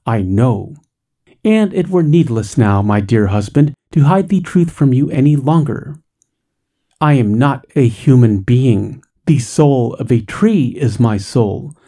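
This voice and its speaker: A man voicing a gentle young female willow-tree spirit who pleads in a feeble voice. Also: mid-range voice, lively intonation, unhurried. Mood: urgent.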